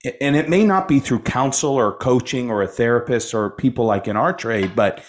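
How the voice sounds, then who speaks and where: A man's voice: mid-range voice, normal speed, a little hiss or hum. A man speaking as a guest life coach on a podcast, emphatic and preacher-like, repeating phrases for effect. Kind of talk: inspirational podcast talk.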